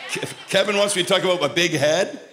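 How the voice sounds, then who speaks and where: An older male preacher from Montreal, telling humorous stories in his sermon and rising to loud, emphatic peaks. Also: sits high, fast talker, a little hiss or hum. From Montreal, Canada.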